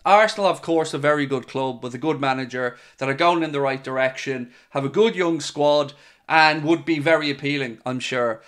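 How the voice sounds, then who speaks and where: This is a man hosting a relaxed livestream, his voice sitting a little high for a man. He talks in an easy, chatty way and often restarts his sentences. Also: normal speed. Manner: chatty, conversational, with loose restarts. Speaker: podcast host. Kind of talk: casual livestream chat.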